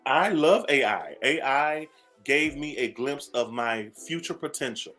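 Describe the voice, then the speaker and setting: A man's voice: mid-range voice, animated, unhurried, bright, forceful tone, faint music behind. A man hosting a morning radio show, ranting sassily at listeners and repeating phrases for emphasis. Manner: sassy, preachy, calls listeners "baby". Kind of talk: talk radio rant.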